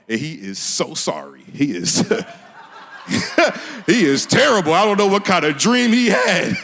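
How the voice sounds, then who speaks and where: A man's voice: high-pitched, big pitch swings, a little slow, a bit bright. A man from doing a stand-up comedy set on a small theater stage, laughing at his own jokes and talking in loose street slang.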